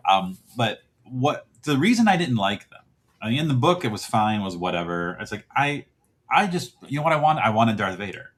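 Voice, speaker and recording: A man's voice: mid-range voice, big pitch swings, moderate pace, a bit bright, breathy edge. A man guesting on a podcast, chatting casually and rambling, often chuckling and poking fun at himself. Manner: rambling, chuckling, self-mocking.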